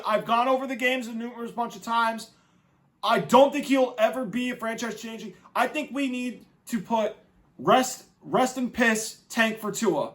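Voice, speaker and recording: A man hosting a football podcast, ranting in a casual, mocking and profane way. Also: very high voice. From New England, United States. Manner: animated, mocking, profane rants. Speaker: podcast host. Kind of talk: casual sports commentary.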